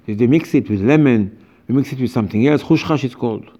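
A man's voice: medium pitch, fast, mellow, highs cut off. A man giving an informal religious lecture as a rabbi, speaking emphatically and animatedly in broken English with many repetitions.

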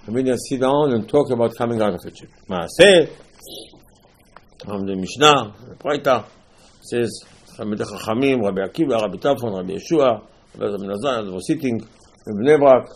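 This medium-pitched man, a Torah teacher, gives a spirited sermon on Passover. Rhetorical questions and repeated phrases run all through it.

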